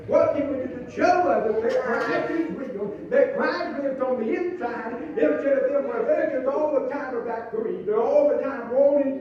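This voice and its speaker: A man preaching a folksy sermon with humorous asides to his congregation. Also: very high voice. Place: church sanctuary. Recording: echoey church room from a distant mic, dull sound.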